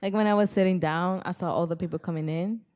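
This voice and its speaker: A young woman co-hosting a casual podcast chat, laughing often and dropping quick agreements. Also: lowish voice, steady tone, darkish tone, no echo, studio quality. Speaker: podcast co-host.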